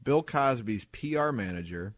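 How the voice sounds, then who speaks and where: A man's voice: medium pitch, animated, moderate pace, no echo. A male podcast host with a middling voice spins rambling, crude stories in loose, casual chat. He swears freely and laughs along with his own jokes. The sound is dry and close, with no room around it. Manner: rambling storyteller, profane and laughing.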